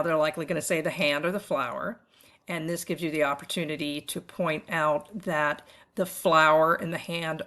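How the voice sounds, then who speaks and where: A middle-aged woman teaching art, her voice bright and a touch low. She explains step by step and poses questions to the listener, in clear instructional narration.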